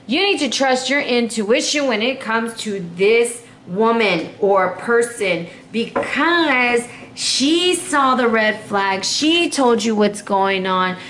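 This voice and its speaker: A woman's voice: a little high, animated, slow, few pauses, a bit bright. Sassy chatty woman tarot reader. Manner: chatty and sassy, lots of fillers. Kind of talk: casual tarot reading to camera. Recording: echoey room with faint noise.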